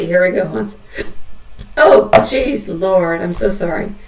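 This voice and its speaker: A woman with a mid-range, gravelly voice sounds roomy and far from the mic in a rough recording. A tarot reader giving a live reading, she speaks tenderly and reassuringly, calling listeners sweetheart.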